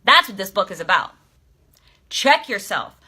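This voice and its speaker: Bright, forceful excitable woman coach. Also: medium pitch, a little slow, husky. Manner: emotional and excitable, swears freely; emphatic, coaching questions to the audience. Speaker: life coach and author. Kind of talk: motivational live stream talk. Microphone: streaming live to viewers.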